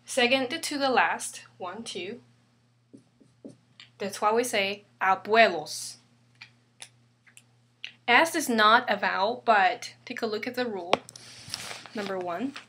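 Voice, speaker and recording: A woman teaching an online language lesson, patient and repeating each example slowly. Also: mid-range voice, sharp tone. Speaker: Spanish teacher.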